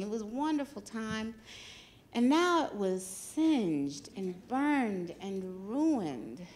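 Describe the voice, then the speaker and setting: A woman's voice: fairly high pitch, a little hiss or hum. A woman telling a funny true story on stage at a live storytelling night, laughing through her lines and swearing freely. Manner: animated, laughs through lines, salty language. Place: stage at a live venue with an audience.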